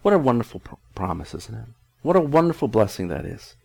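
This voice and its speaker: A man's voice: fairly low pitch, big pitch swings, fast talker, gravelly, a little mellow, breathy edge. A middle-aged male pastor preaching a conversational sermon in an earnest tone, often restarting his sentences.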